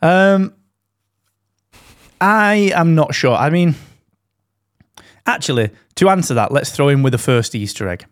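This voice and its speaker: A man's voice: fairly high pitch, lively intonation, measured pace, pauses often, no room sound, clean studio sound. A man co-hosting a podcast, bantering in a jokey, sweary way. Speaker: podcast co-host. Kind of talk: casual chat. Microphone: studio dynamic mic.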